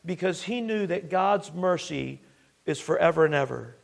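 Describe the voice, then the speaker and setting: A man preaching a sermon with emphatic rhetorical questions, who drops to a hushed voice when he reads scripture aloud. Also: a little high, lively intonation, moderate pace, creaky. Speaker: pastor.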